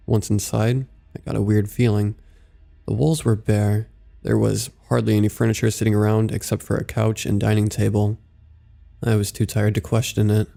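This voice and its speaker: A male horror narrator with a low, gravelly voice and a mellow, dark tone. He reads slowly and evenly, with faint music playing beneath the narration. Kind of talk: scripted horror story narration.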